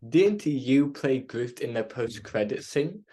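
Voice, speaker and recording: A man's voice: mid-range voice, animated, takes it slowly, mellow. A man with a mid-range voice hosts the interview. He asks short, friendly questions and keeps his interjections brief. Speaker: interviewer host.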